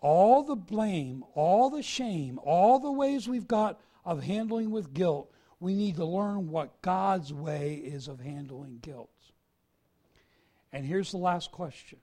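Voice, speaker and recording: A male preacher giving a sermon, swinging from soft confession to loud emphasis. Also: sits high, animated, slow.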